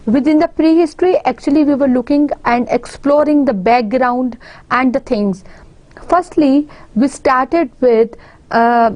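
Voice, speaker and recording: Woman lecturer, Pakistani English accent, high voice, slow delivery, dry recording. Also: a little mellow, no room sound, highs cut off. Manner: slow and explanatory, repeating example words. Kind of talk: university lecture.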